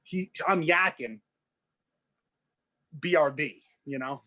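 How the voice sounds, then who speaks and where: A young man co-hosting a podcast, telling a made-up story in a loose, rambling way and slipping into quick character voices. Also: fairly high pitch, pushed and bright. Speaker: podcast co-host. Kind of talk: casual storytelling chat.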